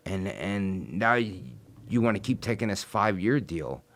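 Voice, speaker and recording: Deep-voiced blunt profane man. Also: animated, unhurried, fairly bright tone. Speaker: interview guest. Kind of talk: casual storytelling interview.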